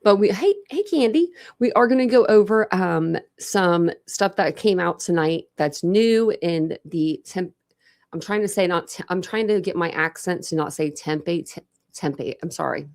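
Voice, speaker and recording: A woman's voice: fairly low pitch, lively intonation, normal speed, a little mellow. A young woman from Ohio hosting a true crime livestream, chatting loosely with viewers and wearing a retainer. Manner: rambling, chatty, many "like" fillers. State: talking around a dental retainer. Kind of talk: casual livestream chat, greeting viewers.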